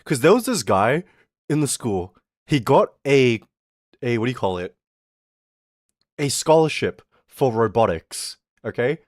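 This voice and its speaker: A man's voice: medium pitch, sing-song, a little slow, pauses often, no room sound, clean studio sound. A man streaming, telling a story in a casual, exasperated rant full of swearing and laughter. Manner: profane, exasperated, often laughing.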